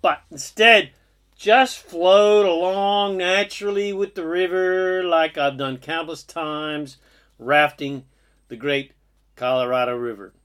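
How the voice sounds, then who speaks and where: Bright-voiced man giving an earnest spiritual talk. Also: on the high side, clear, resonant tone. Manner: slow, earnest, sermon-like delivery with drawn-out phrases. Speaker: spiritual speaker. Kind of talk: inspirational monologue.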